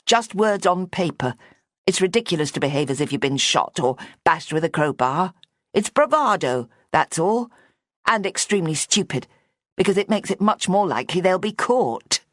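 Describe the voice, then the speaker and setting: A blunt, impatient middle-aged mother with a brisk, snappish way of talking, as a woman narrator puts her on. Her voice sits fairly low and sounds dry and close. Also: expressive, no echo. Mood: scornful. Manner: brisk and sharp.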